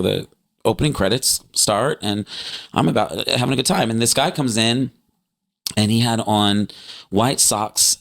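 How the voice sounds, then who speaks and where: A low, gravelly male voice telling a story with growing excitement. He often jumps up in pitch as he re-enacts moments. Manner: excitable, voice jumps high when reliving moments. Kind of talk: animated storytelling.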